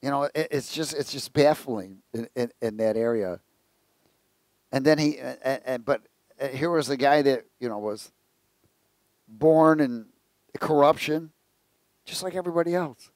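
A man's voice: mid-range voice, unhurried, pauses often, no room sound. A man preaching a conversational sermon, telling jokes and asking the congregation questions. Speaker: pastor.

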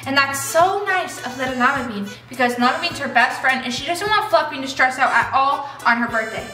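Bubbly woman vlogger, high and bright, recorded roomy and far. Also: a little fast. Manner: bubbly, chatty, gasps and gushes. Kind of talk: playful chat to viewers about toy llamas. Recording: echoey room, mic at a distance. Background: faint music.

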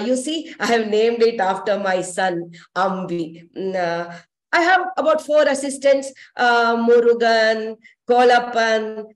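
High-voiced woman telling a story. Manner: chatty, aside-filled, in character as a shopkeeper. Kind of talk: first-person character storytelling. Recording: roomy echo.

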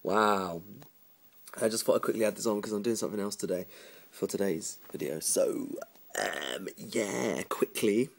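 A man's voice: lowish voice, moderate pace, creaky. A man vlogging at home into a phone camera, telling a rambling story casually, laughing and mimicking the people in it. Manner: chatty, rambling, mimics other people's voices, laughs often.

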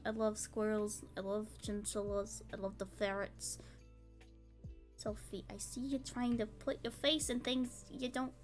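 A woman's voice: mid-range voice, level tone, faint music behind. A tired woman streamer chatting casually and sleepily, trailing off between thoughts. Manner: sleepy, drawn-out casual talk with soft laughs. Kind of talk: casual chat.

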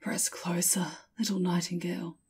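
A woman voicing a rose tree that urges a little bird on, in a breathy, hushed voice. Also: fairly low pitch, little pitch movement, a little fast, slight background noise, close to an everyday voice. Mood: urgent whisper. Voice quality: breathy whisper. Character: a rose tree, urgent and pleading.

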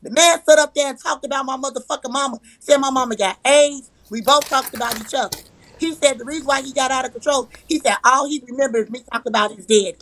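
A woman's voice: sits high, quick pace, fairly bright tone, rough recording. A woman telling a heated personal story, emphatic and profane, acting out the arguments she quotes. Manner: profane, repetitive. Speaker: live-stream guest.

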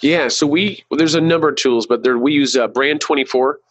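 A man's voice: medium pitch, fairly quick, fairly bright tone, no room sound, rough recording. A man speaking as a guest on a marketing webcast, rambling, with many restarts and fillers. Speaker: guest, digital marketing consultant. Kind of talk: casual webcast interview.

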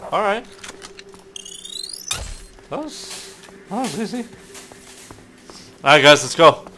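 A young man casually commenting while playing a shooter game, excitable and full of exclamations. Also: a little high, slow pace, background noise. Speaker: gameplay streamer. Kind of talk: casual let's-play commentary. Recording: game music behind.

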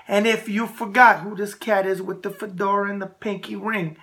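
A brash, animated middle-aged man with a New York accent hosts a casual talk show. His voice is bright and punchy. He swings freely between loud bursts and low asides. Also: moderate pace, few pauses. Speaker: host.

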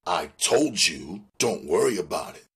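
A man's voice: low voice, big pitch swings, measured pace, a bit bright, husky, heavily acted. Curt young gang leader, as a man reads him. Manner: curt, dismissive.

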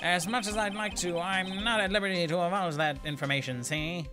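Gruff, eager male game detective, pushed high and loud, a man doing the voice. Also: fairly even intonation, fairly quick, over music, lightly acted. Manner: brash, says "pal" and "see?".

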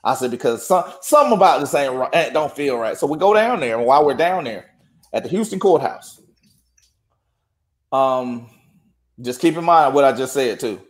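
A man's voice: medium pitch, moderate pace, long pauses. A man telling a courthouse story in casual chat, acting out the dialogue. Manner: animated, acts out quoted dialogue. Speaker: guest.

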